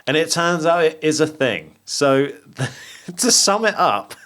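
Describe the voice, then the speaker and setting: A man's voice: fairly high pitch, very animated, slow, fairly bright tone. A man from England co-hosting a podcast, chatting casually and joking, often laughing. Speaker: podcast co-host. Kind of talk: casual chat.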